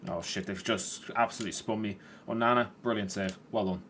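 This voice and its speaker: Brisk and on the low side, a man's voice narrates his football video game for YouTube. He's chatty, curses at the players, gets more excited at moments, and yawns from tiredness now and then. There's a little hiss or hum.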